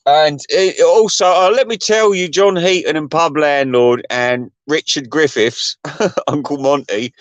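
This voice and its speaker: A middle-aged man ranting on his channel in a crude, mocking, rambling way, often laughing and jumping up in pitch when he gets excited. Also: unhurried, no room sound, lo-fi sound. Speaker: vlogger. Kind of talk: rambling profane rant.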